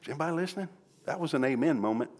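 A middle-aged man, preaching a sermon as pastor in a folksy manner, swinging from quiet pleading to loud exclaiming. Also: fairly high pitch, expressive, rapid-fire. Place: church sanctuary.

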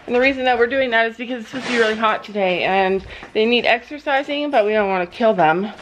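A woman vlogger and horse owner talking casually to the camera. She rambles through her stories with many restarts and switches to a high sing-song voice when she speaks to her animals. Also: fast, slight background noise, poor audio. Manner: rambling storytelling with frequent restarts. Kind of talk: casual chatty vlog.

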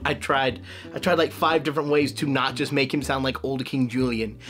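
A young adult man hosting a casual comedy vlog of impressions, excitable and playful. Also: mid-range voice, normal speed. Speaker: impressionist host.

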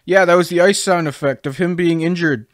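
Young guy rambling and joking over a game, kinda high voice. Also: a little fast, no room sound. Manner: rambling, jokey, self-mocking. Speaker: gaming video creator. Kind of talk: casual gameplay commentary.

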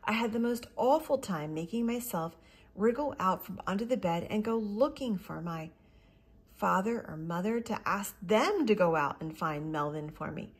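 A woman voicing an elderly grandfather telling a story from his boyhood in a storybook reading, with a husky voice. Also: medium pitch, moderate pace. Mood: vivid. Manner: animated storytelling, confiding.

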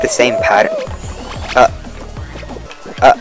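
A young man giving casual, excitable commentary over his own gameplay, repeating himself and cheering on each win. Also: fairly low pitch, moderate pace. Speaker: gaming video creator. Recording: game music playing underneath.

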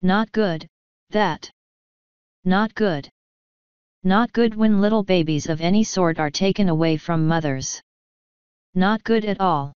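A woman reading the part of a retired older male colonel, speaking in a measured, wry and quietly scornful way. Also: fairly low pitch, clean tone, no room sound. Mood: dry wry. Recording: dull lo-fi sound.

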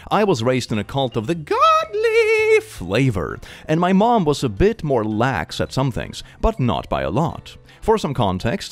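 A young man reading online stories aloud and adding joking, casual commentary. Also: medium pitch. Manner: animated, joking. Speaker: online story reader and commentator.

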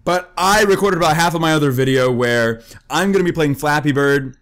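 A man's voice: a little high, a little fast. A young man giving joking gaming commentary while eating wasabi, groaning and yelping, his voice strained from the spice. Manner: excitable, joking, yelps and groans from spicy food. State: eyes watering, voice strained from wasabi. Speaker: gaming YouTuber.

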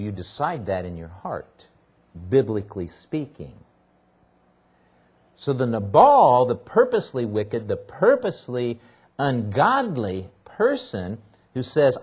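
A husky-voiced man delivers an unhurried expository sermon as pastor, his pitch rising and falling in lively swings. He stresses key words by repeating them, leaning hard on each one.

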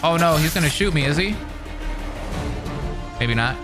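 A young man giving casual, excitable let's-play commentary, often laughing and exclaiming. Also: a little high, moderate pace, over music. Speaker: gaming commentator.

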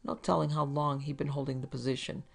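A woman's voice: low voice, little pitch movement, fast, vocal fry, husky. A woman narrating a hard-boiled detective story in a dramatic storytelling manner. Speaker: narrator and producer. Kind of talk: scripted audiobook narration.

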